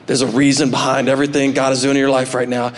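A man voicing a seasoned older mentor who speaks low and hushed with steady reassurance. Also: fast, a little hiss or hum, natural voice. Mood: reassuring.

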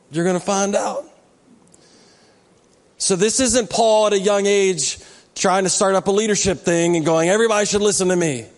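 A man's voice: on the high side, long reverb tail. A male pastor giving a sermon in a conversational way, with joking asides to the congregation. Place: church sanctuary.

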